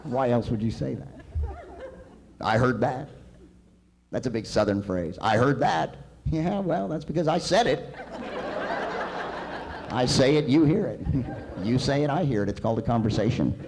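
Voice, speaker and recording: A man's voice: mid-range voice, animated, normal speed, pauses often, background noise. A male comedian performing a stand-up set live on a community center stage, with a dry, wry delivery.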